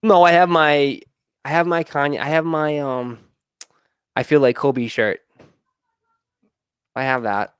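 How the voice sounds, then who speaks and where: Laid-back man with a slightly high voice. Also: unhurried, long pauses, clean tone, dry recording, clean studio sound. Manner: relaxed, rambling with restarts and fillers. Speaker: livestream host. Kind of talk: casual chat.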